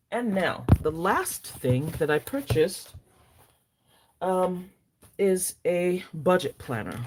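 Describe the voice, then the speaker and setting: A woman with a Nigerian accent chatting casually on a live stream, excitable, gasping and teasing her viewers playfully. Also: sits low, background noise. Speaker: planner vlogger.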